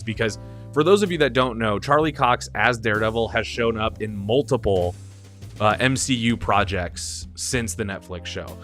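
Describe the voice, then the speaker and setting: A man's voice: medium pitch, fairly bright tone. A young man hosting a live stream, rambling with enthusiasm and frequent laughs as he chats casually. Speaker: stream host.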